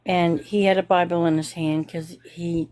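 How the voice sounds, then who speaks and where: A woman's voice: lowish voice, flat delivery, moderate pace, a little mellow. A woman telling a rambling anecdote in casual chat.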